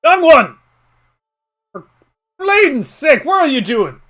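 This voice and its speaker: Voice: mid-range voice, sing-song, unhurried, creaky, fairly bright tone, exaggerated voice. A performer voicing a fussy, scolding old postmaster who keeps exclaiming in exasperation. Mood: alarmed. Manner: exasperated, exclaiming mild oaths.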